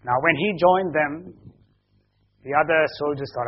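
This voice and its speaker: A man, a pastor, telling a children's story during a service, slowly explaining and asking the children questions as he goes. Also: on the high side. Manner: slow and explanatory. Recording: dull lo-fi recording.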